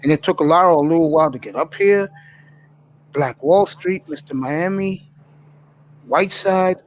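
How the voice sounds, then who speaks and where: A man's voice: on the high side, moderate pace, a little hiss or hum, rough recording. A man hosting a live stream in casual chat, effusive and openly emotional as he thanks his friends.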